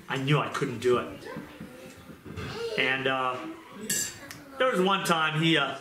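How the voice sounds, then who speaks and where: A man's voice: medium pitch, a little slow, pauses often. A man preaching a testimony sermon, telling his story earnestly and repeating his points for emphasis. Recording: echoey room with loud noise.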